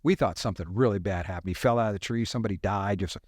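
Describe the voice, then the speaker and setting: Middle-aged man spinning animated hunting stories. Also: fairly low pitch, rapid-fire, no echo, studio quality. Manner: animated hunting yarns with sound effects. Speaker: podcast guest. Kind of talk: casual storytelling.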